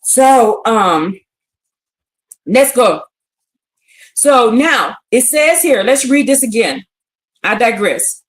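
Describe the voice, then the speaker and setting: Speaking slowly with long pauses, a woman from the United States teaches scripture on a relaxed livestream from indoors, responding to chat. Her slightly high, expressive voice carries a roomy echo as she repeats points with emphasis and keeps asking "you see what I'm saying?"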